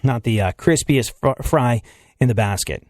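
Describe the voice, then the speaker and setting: A man's voice: medium pitch, animated, moderate pace, darkish tone, dry recording, studio quality. A male radio host joking casually with his co-host in a wry, laughing manner. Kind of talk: casual comedic radio chat.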